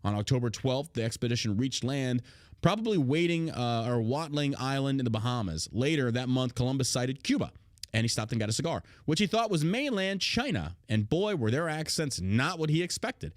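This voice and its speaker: A man hosting a podcast uses a medium-pitched voice with lively intonation, a little fast, in a dry, studio-quality recording. Swearing often, he mocks crudely as he reads out history and rants casually.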